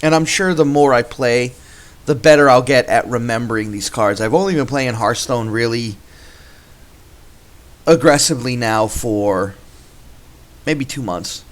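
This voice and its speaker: Male gameplay host, mid-pitched, relaxed think-aloud commentary with restarts. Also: a little slow, pauses often.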